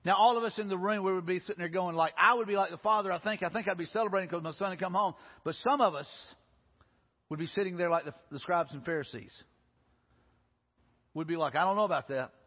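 A man's voice: sits high, quick pace, slightly rough. A male pastor, preaching a sermon in an earnest way, often restarting and repeating words. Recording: dull recording in a reverberant hall.

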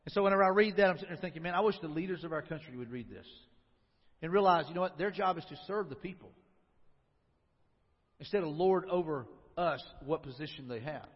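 A pastor preaches a sermon, speaking conversationally to his congregation and posing questions to them. His voice is a little high, husky and quick, captured in a lo-fi recording with long hall reverb.

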